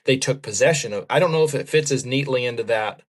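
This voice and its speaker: A man's voice: medium pitch, fast. A man in a casual Bible study discussion who pushes back with questions, point by point. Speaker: podcast co-host.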